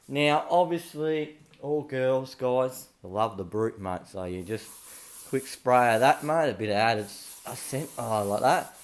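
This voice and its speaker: A man with an Australian accent hosting a joke how-to video in a chatty, blokey manner, full of "mate" and "right?". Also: medium pitch. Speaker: comedy channel host. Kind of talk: deadpan mock tutorial.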